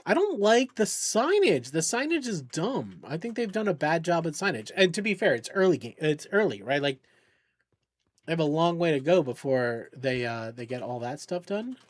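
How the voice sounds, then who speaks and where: A man's voice: a little high, very animated, normal speed, no room sound. A man live-streaming a game, chatting casually and rambling, swearing when the game frustrates him. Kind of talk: casual live-stream chat while gaming.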